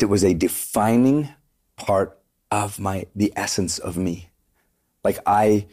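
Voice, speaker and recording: In a casual interview, a Canadian singer appearing as a guest tells animated stories in a very low, deep voice. He drops plenty of "like" and "dude," plus the occasional swear word.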